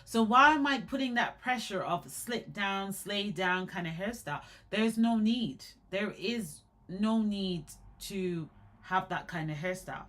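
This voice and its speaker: A young adult woman in casual live commentary on hair care, chatty and animated, often repeating and restarting words. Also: mid-range voice, moderate pace.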